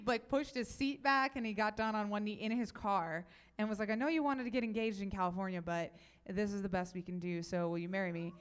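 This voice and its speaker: A young woman speaks at a youth event. She tells stories in a chatty, animated way and answers questions from the crowd. Her voice is smooth and clear, at a middling pitch for a woman.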